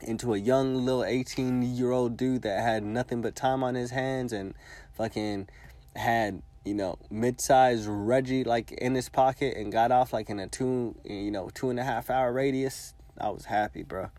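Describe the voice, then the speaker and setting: A man's voice: medium pitch, steady tone, normal speed, a little mellow, dry recording. A man in his twenties telling a long personal story in casual, profane, rambling speech full of filler words. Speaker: vlogger.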